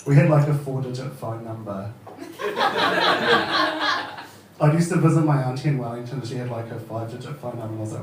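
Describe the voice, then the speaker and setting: Man, New Zealand accent, thirties, stand-up comedy, laughs a lot, swears, boomy room. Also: brisk, darkish tone, a little hiss or hum. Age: 30s. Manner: casual, sweary, laughing at his own jokes. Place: open mic comedy venue. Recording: echoey room, heard from far off.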